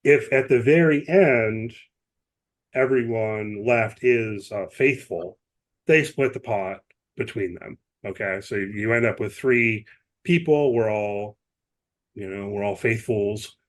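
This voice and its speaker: Male podcast co-host, slightly low voice, rambling explainer, casual chat. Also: takes it slowly. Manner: chatty, explains at length with many asides and restarts.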